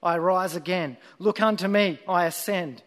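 A humble lay preacher with a broad Essex accent pleads his simple words again and again, as a preacher puts him on. The voice sits high for a man and rings out with long reverb, like a sermon in a church. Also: normal speed, fairly bright tone. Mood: pleading. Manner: earnest, insistent repetition.

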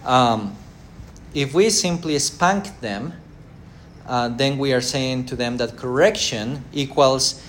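Halting man teaching a Bible class. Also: medium pitch, expressive, a little hiss or hum. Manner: halting, many fillers, acts out everyday quotes.

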